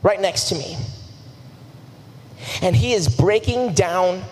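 A man's voice: high-pitched, takes it slowly. A young man preaching a sermon in a large church hall, telling personal stories in an earnest, casual and self-deprecating way. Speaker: youth preacher. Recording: long hall reverb, faint noise.

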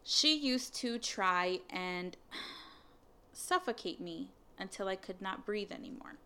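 In a smooth, mid-range voice, a young woman takes her time telling a personal story. She stays candid, curses freely, and her speech is full of "like" and "um" as she animatedly re-enacts the dialogue.

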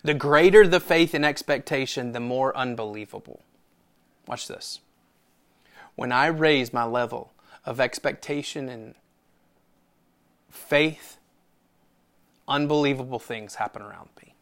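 A man preaching a sermon to his church as pastor, telling a story and reading scripture, swinging from loud declarations to hushed asides. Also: medium pitch, a little slow, pauses often.

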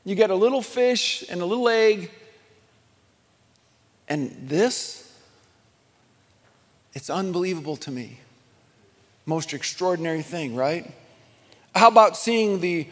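A middle-aged man preaching a sermon, telling stories in a conversational, animated way with chuckles and restarts. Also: fairly high pitch, long reverb tail. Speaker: pastor.

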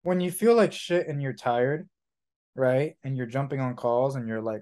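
A man with an ordinary middle-pitched voice, co-hosting an informal podcast. He rambles and restarts, swears without a second thought, and acts out his grumpy inner monologue in a mocking tone. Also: normal speed, a little mellow. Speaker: podcast co-host. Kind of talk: casual podcast chat.

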